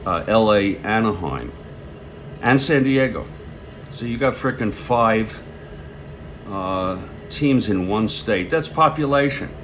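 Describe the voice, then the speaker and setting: A man hosting a tabletop baseball replay, giving casual play-by-play with rambling chatty asides and bursts of excitement on big plays. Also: on the low side, slow pace, slight background noise.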